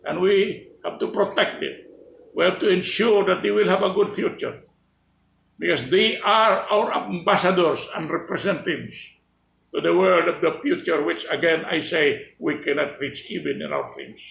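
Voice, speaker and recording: Male orator, impassioned and emphatic, with a heavily gravelly voice. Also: high-pitched, fairly bright tone, reverberant, slight background noise, poor audio. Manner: oratorical, slow emphatic declarations. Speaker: political speaker. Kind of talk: impassioned speech.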